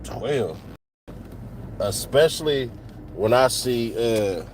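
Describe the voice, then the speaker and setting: Man, vlogger, slangy profane storytelling, driving car, faint engine hum. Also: medium pitch. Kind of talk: casual chat while driving.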